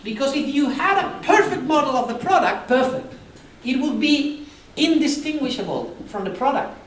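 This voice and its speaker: A conference speaker giving a live talk to an audience, animated and acting out quoted dialogue with humor. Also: high-pitched, normal speed. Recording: roomy, distant hall recording with faint noise.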